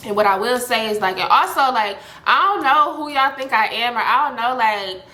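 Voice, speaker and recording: A young woman telling a story in a casual, animated, slangy vlog, talking fast with lots of fillers. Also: a little high, echoey room. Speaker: storytime vlogger.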